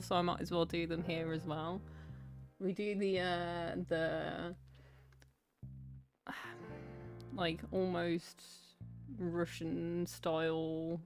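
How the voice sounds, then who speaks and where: A woman's voice: fairly low pitch, creaky, a bit bright. Chatty woman on an art stream. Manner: chatty and self-mocking, giggly. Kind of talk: casual chat while drawing on a livestream.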